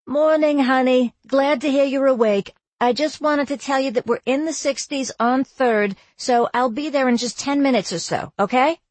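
Woman doing a chirpy loud mom on the phone, high and brisk, kinda husky. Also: dry recording. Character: cheerful middle-aged mother on the phone.

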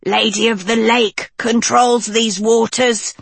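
A woman's voice: a little high, level tone, takes it slowly, gravelly, breathy edge, no echo, exaggerated voice. Woman doing a bossy teen witch girl. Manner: shouting, bossy.

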